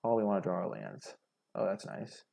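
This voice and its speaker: A young man with a very low, gravelly voice that has a husky edge, chatting casually through his own card game. He thinks aloud and picks apart his own plays as he goes. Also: sing-song, moderate pace, dark tone. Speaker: gaming streamer. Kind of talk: casual gameplay commentary.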